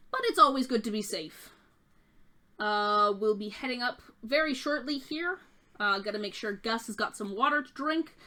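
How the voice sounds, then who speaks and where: A woman's voice: a little high, pushed and bright. A woman voicing a polite, orderly halfling man who drives a bus, giving an announcer-style safety briefing.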